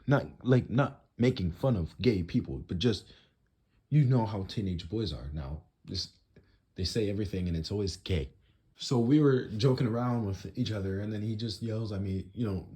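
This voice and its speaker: A man's voice: on the low side, normal speed, a little mellow, husky. A teenage boy telling a casual storytime monologue, rambling with lots of "you know" and "like" fillers. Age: teens.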